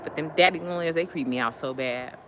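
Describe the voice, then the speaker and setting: A woman telling stories casually to her live chat, animated and laughing often. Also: brisk, background noise. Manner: animated, laughs often, jumps high when retelling. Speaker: live streamer chatting with viewers.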